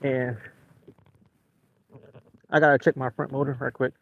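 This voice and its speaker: A man, hosting a fishing livestream from a small boat and talking casually and excitedly to his viewers. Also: mid-range voice, a little slow, lo-fi sound. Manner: excitable, venting, apologetic. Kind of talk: casual live-stream talk to viewers. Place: small boat on open water.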